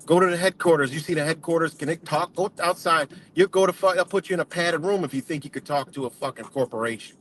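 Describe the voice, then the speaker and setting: A man's voice: a little high, fast, few pauses, a bit bright, slight background noise. A man ranting casually, heated, profane and emphatic. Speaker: vlogger.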